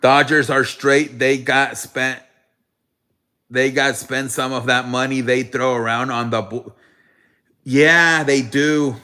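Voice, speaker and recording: A man's voice: medium pitch, steady tone, slow pace, bright, forceful tone. A man hosting a live sports stream, chatting casually with viewers in a rambling, profane way.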